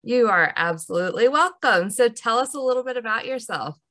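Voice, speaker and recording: A woman's voice: fairly high pitch, animated, fairly quick, pushed and bright. A woman hosting a podcast, opening the show and welcoming her guest with enthusiasm. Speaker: podcast host. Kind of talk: podcast interview.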